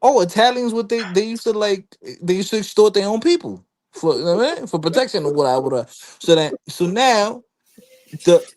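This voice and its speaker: A man's voice: high voice, lively intonation, fairly quick, a little mellow. A man on a casual podcast panel, rambling through long explanations and slipping into quoted voices. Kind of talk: casual chat.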